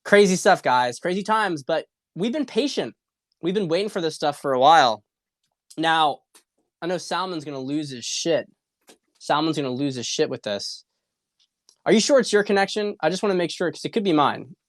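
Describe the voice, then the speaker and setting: A man with a fairly high, animated voice talks at normal speed in a clean studio recording with no echo. Hosting a political talk stream as a casual livestream monologue, he rants heatedly, rambling, repeating himself, and swearing.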